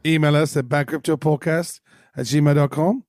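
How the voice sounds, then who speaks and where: Wisecracking podcast co-host. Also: male voice, on the high side, steady tone, moderate pace, darkish tone, no room sound, studio quality. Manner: playful wisecracking. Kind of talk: casual podcast banter.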